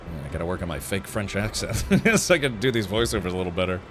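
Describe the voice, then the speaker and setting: Low-voiced guy streaming games, bouncy chatty commentary, game music going behind. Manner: chatty, lively, quick asides. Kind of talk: casual gameplay livestream commentary.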